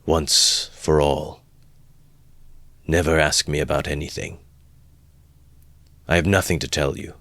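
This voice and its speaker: A man with a very deep voice reading the lines of a feverish young man quietly and slowly, in a low mutter. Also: steady tone, creaky, no echo, exaggerated voice. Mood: grim. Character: feverish brooding young man, resolved and withdrawn.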